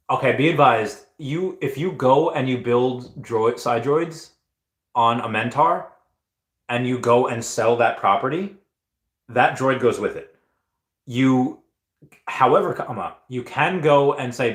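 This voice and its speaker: A man's voice: mid-range voice, measured pace, pauses often. A man hosting a casual livestream, reading out viewer comments in a rambling, enthusiastic way with many fillers and restarts. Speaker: livestream host. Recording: roomy echo.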